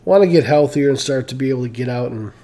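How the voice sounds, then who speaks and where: A man's voice: mid-range voice, fast, dark tone. A tired man chatting casually on a live stream, rambling with lots of fillers and restarts, joking about himself. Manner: self-mocking, laughs at own stories.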